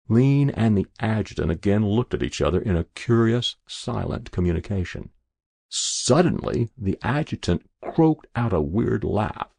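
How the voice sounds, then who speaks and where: A man narrating an audiobook in a measured, even storytelling way. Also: lowish voice, gravelly, slightly rough, no room sound, studio quality.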